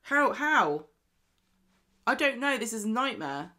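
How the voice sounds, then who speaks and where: A woman's voice: on the high side, sing-song, measured pace, sharp tone. A woman co-hosting a podcast, chatting casually about a soap opera and acting out characters' lines with bursts of emphasis. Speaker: podcast co-host. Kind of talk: casual chat reviewing a soap.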